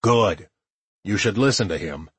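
A male narrator voicing a worried young man who speaks in a calm, reassuring way with a husky tone. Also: on the low side, a little slow, dry recording, heavily acted. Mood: soothing.

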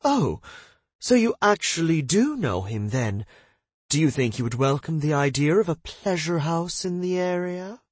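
Smug chatty madame, put on by a male reader; pitched up, dry close sound. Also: sing-song, measured pace, slightly rough, no room sound, heavily acted. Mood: eager. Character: vain, gossipy adult woman restaurateur.

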